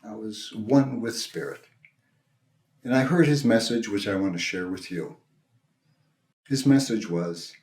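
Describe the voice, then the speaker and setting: Recorded with a roomy echo in a church sanctuary, a sermon features an older male minister recounting something from his own life. His lowish delivery is gentle and chatty, full of halts and restarts.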